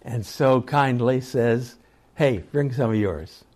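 A man teaching a Bible study, retelling scripture stories in a slow, reflective way and reading passages aloud. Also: mid-range voice, a little mellow. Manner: slow, reflective storytelling with chuckles.

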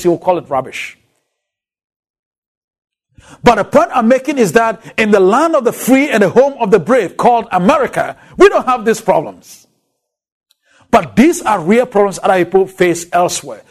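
A man from Ghana with a Ghanaian accent, giving a recorded Bible lecture with emphatic, drawn-out stresses. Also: high voice, lively intonation.

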